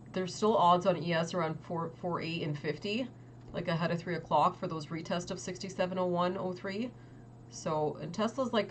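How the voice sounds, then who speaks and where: A young woman hosting a trading livestream, talking casually and quickly to her chat with lots of "like" and exasperated asides. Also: fairly low pitch, a little hiss or hum. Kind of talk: casual market commentary to chat.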